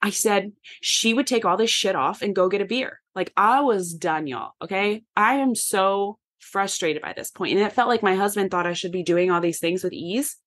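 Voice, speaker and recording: A woman podcast host, candidly telling a personal story to her listeners in a lively, conversational way. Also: medium pitch, moderate pace, few pauses. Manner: animated, candid, addresses listeners as y'all.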